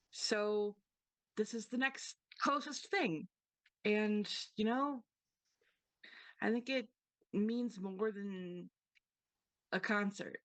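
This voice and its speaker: A woman voicing a kind, awkward middle-aged father who stammers and reassures gently, in a tabletop game. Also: medium pitch, dry recording. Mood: reassuring.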